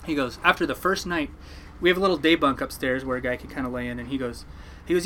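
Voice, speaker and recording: A man telling a casual story about captaining a fishing boat, animated and swearing casually. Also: medium pitch, fast, slight background noise, poor audio. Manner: animated, mimics people in quotes, swears casually.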